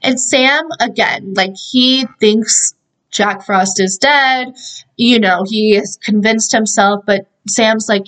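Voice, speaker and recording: A woman's voice: fairly high pitch, takes it slowly, a bit bright, low-quality recording. A young woman hosting a podcast, recapping a film in a chatty way, full of fillers and laughing asides. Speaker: podcast host. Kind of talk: casual movie recap.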